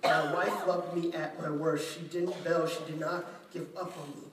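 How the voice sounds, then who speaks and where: A man's voice: a little high, little pitch movement, normal speed, a little hiss or hum. A male pastor from Louisiana preaching in a chatty, self-deprecating way, acting out quotes. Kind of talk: sermon. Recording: echoey room, mic at a distance.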